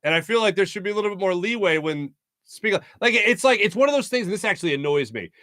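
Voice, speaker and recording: A man's voice: high voice, lively intonation, quick pace, bright, forceful tone, no echo, clean studio sound. An American man hosting a sports talk show, rambling and opinionated, with many fillers. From United States. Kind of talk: casual sports talk monologue.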